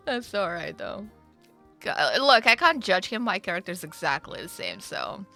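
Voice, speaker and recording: A woman's voice: mid-range voice, wildly swooping pitch, slow, gravelly, pushed and bright, soft background music. A woman chatting casually on her livestream, joking and teasing herself as she plays. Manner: chatty, jokey, self-deprecating. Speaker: streamer.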